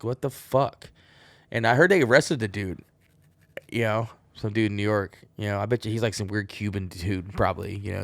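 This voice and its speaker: A man's voice: fairly low pitch, gravelly, dry recording. A man hosting a solo podcast, rambling and wisecracking with plenty of swearing. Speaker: podcast host.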